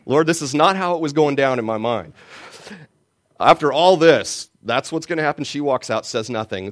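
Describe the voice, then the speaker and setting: A man preaching a sermon, telling a personal story and swinging between loud lines and hushed ones. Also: mid-range voice, expressive, normal speed, long pauses. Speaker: pastor.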